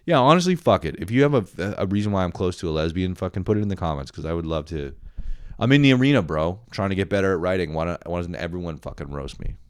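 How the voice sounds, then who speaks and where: A young man with a very low voice hosts a solo comedy podcast. He rambles and swears, and he laughs at himself as he goes. The sound is dry and close to the mic. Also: lively intonation, fast, hardly any pauses, clear, resonant tone, no room sound. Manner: rambling, profane, self-mocking, laughs often. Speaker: podcast host.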